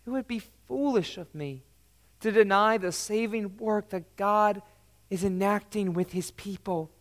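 A man preaching in a high voice, speaking in the first person as a humble, pleading mother who asks only for crumbs. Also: measured pace, big-room sound.

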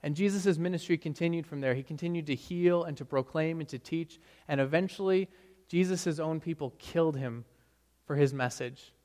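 A man delivering a sermon, his voice sitting a little higher than most men's. He preaches earnestly, swelling on key phrases and dropping soft at their ends, with the odd stumble. The sound carries a long reverb, as in a church sanctuary. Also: moderate pace. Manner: earnest, rising and falling emphasis, occasional stumbles. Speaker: pastor.

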